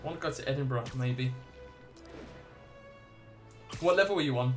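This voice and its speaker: A man's voice: mid-range voice, normal speed, soft background music. A man livestreaming a video game, reacting with swearing and laughter while chatting casually with viewers. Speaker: gaming livestreamer. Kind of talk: casual let's play commentary.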